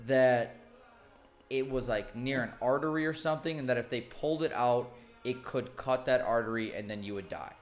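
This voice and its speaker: A man's voice: medium pitch, normal speed, soft background music. A man hosting a podcast, telling a funny story in casual chat, swearing freely and laughing along. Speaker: podcast host.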